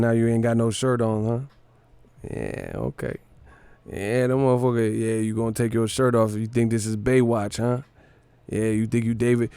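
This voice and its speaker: A man's voice: mid-range voice, vocal fry, smooth, dry recording. A man hosting a casual boxing live stream, mocking and profane, laughing often between his jabs.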